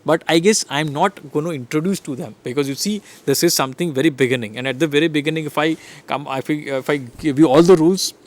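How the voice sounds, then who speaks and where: A man with an Indian English accent teaches intonation in a lecture. He demonstrates rises and falls in his own slightly raised voice and keeps checking in with "right?". His delivery is energetic and instructive. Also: a little high, quick pace. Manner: animated, demonstrates rhythm and intonation with repeated examples; asks listeners frequent "right?" checks.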